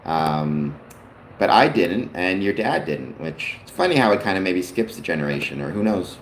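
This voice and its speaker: A man's voice: deep voice, sing-song, normal speed. A Canadian man hosting a livestream, chatting casually and rambling a little. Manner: rambling, chatty, talks to his father on the stream. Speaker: livestream host. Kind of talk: casual chat. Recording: roomy echo, faint background noise.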